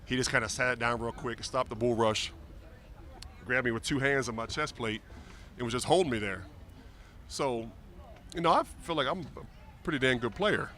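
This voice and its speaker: Man in his forties, mid pitch, joking storyteller guesting on a chatty podcast. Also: normal speed, long pauses. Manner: lively storyteller, casual and joking. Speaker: guest, retired football player. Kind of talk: casual interview chat.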